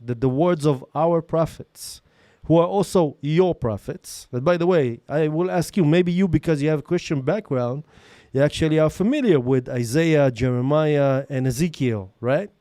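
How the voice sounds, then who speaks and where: A man's voice: a little high, normal speed, warm tone, no echo, studio quality. A middle-aged man debating on the street, who presses his points and cuts in with repeated phrases. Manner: persistent, interrupts with repeated phrases. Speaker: Jewish interviewer.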